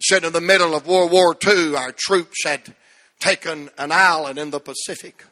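A middle-aged man preaching a fervent sermon, swinging between shouted lines and hushed ones. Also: on the high side, fairly even intonation, normal speed. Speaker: pastor.

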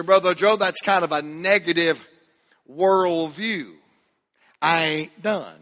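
A man preaching a sermon as pastor, fervent, swinging from shouts to hushed drops and leading the congregation in reading aloud. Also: on the high side, slow. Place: large church hall. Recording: long church-hall reverb.

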